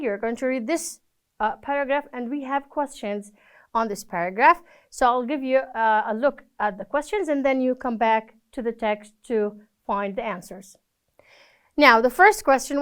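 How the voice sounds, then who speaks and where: A woman's voice: on the high side, clear, resonant tone. A woman teaching a recorded English reading lesson, patient and encouraging, praising each answer. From Palestine.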